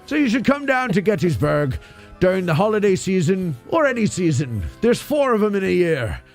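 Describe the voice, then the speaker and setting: A man's voice: sits high, very animated, moderate pace, soft background music, pitched above the performer's own voice. A man voicing a rambling, out-of-breath old Santa Claus on a comedy radio show. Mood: jolly. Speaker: host.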